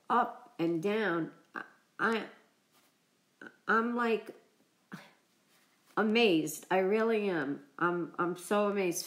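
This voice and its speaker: A woman vlogger chatting on a live stream, emotional and choked up from crying, talking haltingly with many restarts. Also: on the low side. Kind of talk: casual live-stream chat.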